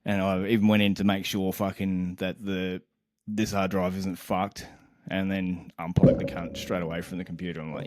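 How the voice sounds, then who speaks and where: A young man on a casual podcast, co-hosting and telling a story in an animated, exasperated way, swearing constantly and laughing mid-sentence. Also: low-pitched, moderate pace. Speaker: podcast co-host.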